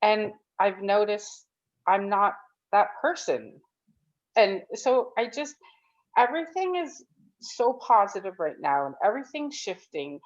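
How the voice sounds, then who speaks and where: A program participant in her thirties or forties offers a heartfelt testimonial over a group call, wandering from point to point, cheerful but occasionally tearful. She speaks unhurriedly in a medium-pitched, sing-song voice, and the call audio is dull and lo-fi.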